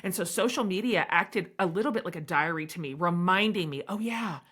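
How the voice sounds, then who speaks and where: Middle-aged woman author, guest in a candid podcast chat, bright and emphatic delivery. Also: lowish voice, lively intonation, fairly quick, breathy edge. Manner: earnest, emphatic storyteller.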